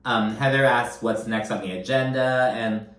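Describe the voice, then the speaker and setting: A man's voice: mid-range voice, steady tone, normal speed, fairly bright tone, echoey room. A man giving a casual, gossipy recap of a reality show, swearing freely and using lots of fillers. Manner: chatty, profane, gossipy with frequent fillers.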